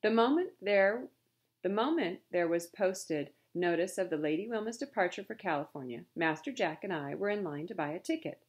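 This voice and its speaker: A woman voicing a calm, polite male butler who speaks in formal, courteous phrasing. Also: on the low side, moderate pace, close to an everyday voice. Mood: composed.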